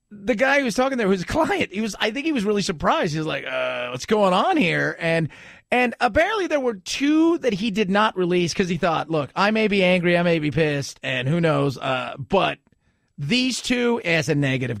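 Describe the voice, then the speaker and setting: An animated male talk radio host with a high, gravelly voice. His pitch leaps around as he mocks and acts out the people in the story, half sarcastic and half amused. The studio sound is dry and close. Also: a little slow, no echo. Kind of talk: talk radio commentary with live ad read.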